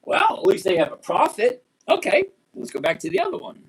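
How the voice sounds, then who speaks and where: A man in his sixties hosting a live stock-trading chat, blunt and emphatic, repeating key points slowly. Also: high voice, wildly swooping pitch, breathy edge. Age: 60s. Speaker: livestream host.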